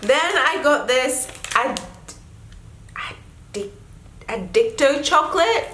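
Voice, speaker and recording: Young South African woman, casual vlog voice, exclaims a lot, mid pitch, echoey room. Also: animated, unhurried, fairly bright tone, a little hiss or hum. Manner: chatty and exclamatory. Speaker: vlogger. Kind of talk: casual taste-test vlog.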